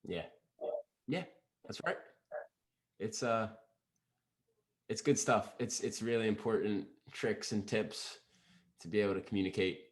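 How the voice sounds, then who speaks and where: A man hosting a podcast in casual conversation, reflecting on and affirming what his guest says. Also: lowish voice. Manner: reflective, affirming, sums up lessons. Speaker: podcast host.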